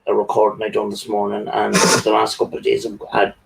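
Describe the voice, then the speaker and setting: Flat, gravelly-voiced man far from mic. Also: on the low side, brisk. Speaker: paranormal investigator. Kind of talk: casual group discussion.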